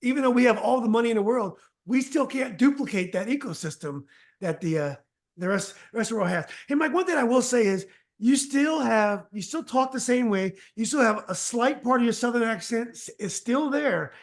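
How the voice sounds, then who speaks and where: High-voiced man hosting a podcast. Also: expressive, moderate pace. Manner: conversational, restarts his sentences often. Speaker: podcast host. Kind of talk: casual interview.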